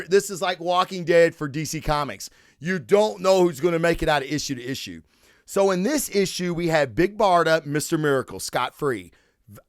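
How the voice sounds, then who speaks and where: Fairly high and a bit bright, the man's clean voice is captured in clean studio sound without room sound. He runs a comic book review podcast, joking and swearing in a loose, casual way and readily acting out scenes.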